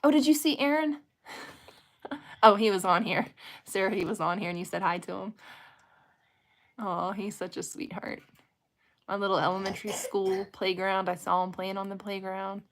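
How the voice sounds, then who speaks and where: A woman's voice: mid-range voice, steady tone, moderate pace, long pauses. Chatty woman hosting a livestream. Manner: chatty, talks directly to viewers. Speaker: livestream host. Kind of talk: casual livestream chat. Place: home at night.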